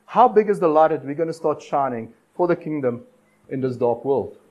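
A man's voice: fairly high pitch, animated, a little mellow, muffled recording. Man preaching with urging cadence. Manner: exhortative, repetitive cadence with dramatic pauses. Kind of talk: sermon.

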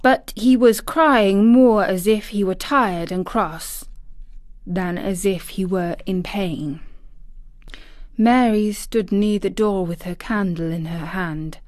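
Slow, measured woman narrating. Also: mid-range voice, darkish tone, no room sound, studio quality. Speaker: audiobook narrator. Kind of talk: scripted narration.

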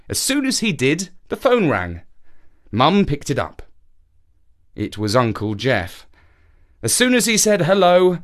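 Male storyteller, fairly high voice, very expressive delivery, reads for kids. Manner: animated storytelling, acts out characters. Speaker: story reader and presenter. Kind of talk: reading a children's story aloud.

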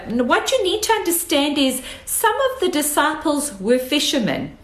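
A woman preaching a sermon, emphatic and fond of repeating phrases for effect. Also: high voice. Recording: echoey room.

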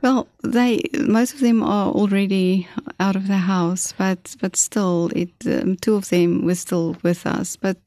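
A middle-aged woman, telling her personal story as an interview guest, emotional and halting, with many restarts. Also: mid-range voice, fairly even intonation, mellow, no echo. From South Africa. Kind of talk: personal testimony in conversation.

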